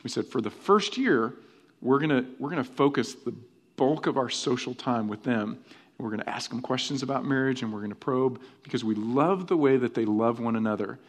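A middle-aged man preaching a conversational sermon as pastor, animated and often tagging his points with rhetorical questions. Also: medium pitch, brisk.

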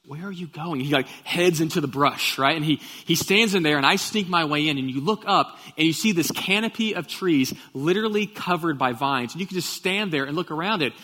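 A pastor delivers a sermon in an easy storytelling manner, acting out quotes from his friends along the way. His voice sits a little higher than most men's. A long church reverb trails behind every phrase. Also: brisk, hardly any pauses. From Texas. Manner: storytelling with acted quotes, relaxed and conversational. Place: church sanctuary.

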